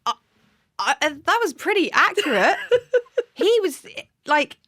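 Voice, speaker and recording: A woman's voice: high-pitched, very animated, unhurried, bright, forceful tone. A woman in her thirties, a doctor, chatting as a podcast guest in a self-mocking way and laughing easily. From West Country of England. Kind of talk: casual chat.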